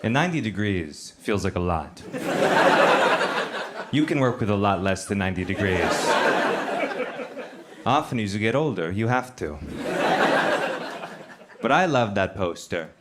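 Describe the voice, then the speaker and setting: A man doing stand-up comedy on a stage, telling stories in a deadpan, conversational way. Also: fairly low pitch, measured pace, pauses often. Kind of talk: stand-up storytelling. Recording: loud background noise.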